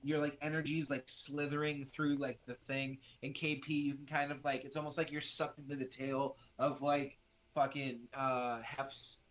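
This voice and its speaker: A man runs a tabletop game in a loose, meandering way, piling up fillers as he describes each scene. His pitch sits right in the middle, neither low nor high. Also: level tone, normal speed, a bit bright. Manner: rambling, loose, full of fillers. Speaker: game master.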